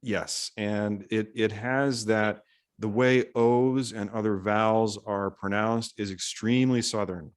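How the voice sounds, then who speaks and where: A man talks in a casual podcast conversation. He muses in a measured, thoughtful way, weighing each point as he goes. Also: on the low side, fairly even intonation, smooth. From Pittsburgh, USA.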